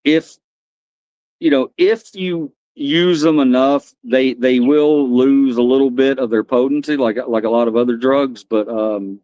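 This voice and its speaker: Chatting casually with his livestream viewers by name, an American man rambles in a steady, mid-range voice at a slightly slow pace. The recording sounds dry and muffled.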